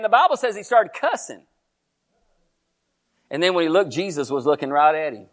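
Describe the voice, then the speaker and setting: A Texan-accented man preaching a sermon in a fairly high voice. His pitch rises and falls a lot as he tells the story, and he keeps turning to the congregation with questions. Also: normal speed, long pauses. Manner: animated storytelling, asking the congregation questions, laughing asides.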